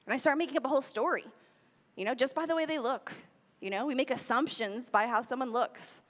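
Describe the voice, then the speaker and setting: A woman's voice: high-pitched, fairly quick, big-room sound. An American woman speaking at a spiritual center, giving a conversational sermon and repeating key phrases for emphasis. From United States. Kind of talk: sermon talk.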